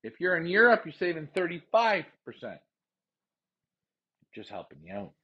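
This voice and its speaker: A man hosting a pigeon racing show, ranting heatedly with lots of profanity and repetition, then calmly explaining how he handles his birds. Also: a little high, normal speed, husky, muffled recording. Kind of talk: casual livestream talk.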